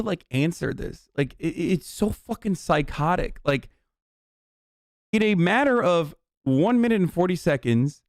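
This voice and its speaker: A man's voice: fairly high pitch, dry recording, clean studio sound. Heated, swearing political streamer man. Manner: heated, sarcastic, swears often. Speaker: streamer reacting to a news clip. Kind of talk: profane political commentary.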